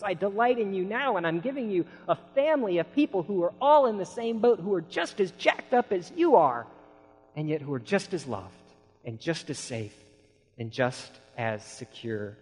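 A man's voice: high-pitched, breathy edge. Male preacher in a reverberant hall. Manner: dramatic storytelling, swinging from hushed to shouting. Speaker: pastor. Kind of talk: sermon.

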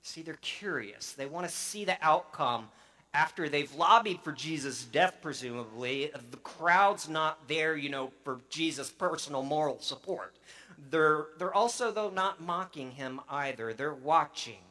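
A man's voice: fairly high pitch, animated, measured pace, sharp tone. A man preaching as pastor, reading scripture earnestly and breaking into conversational asides.

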